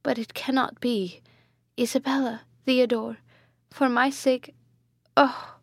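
A woman reading aloud and voicing a dying young princess who speaks softly, faintly and tenderly. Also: on the high side, steady tone, unhurried, no room sound, close to an everyday voice.

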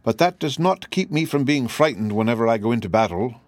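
A man voicing a meek, mild-mannered male lion in a storybook reading, speaking politely and gently. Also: mid-range voice, animated, a little fast, dry recording, lightly acted.

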